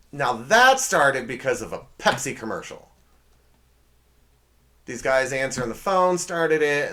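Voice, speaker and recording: A male podcast host who rolls through a comic monologue in a casual, rambling way. His pitch swings widely as he jokes, dropping sarcastic asides and correcting himself as he goes. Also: sharp tone.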